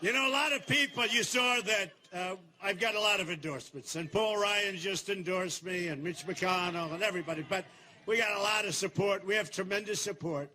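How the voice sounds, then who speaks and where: An older man giving a campaign rally speech in a large venue, boastful and repetitive, turning to the crowd with asides and shouted slogans. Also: sits high, fairly quick, a little hiss or hum. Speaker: political candidate.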